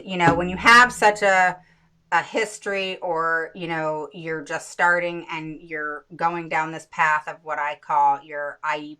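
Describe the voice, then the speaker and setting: A woman's voice: sits low, sharp tone. A woman hosting an interview and running a course, talking in a chatty way full of fillers. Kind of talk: casual interview.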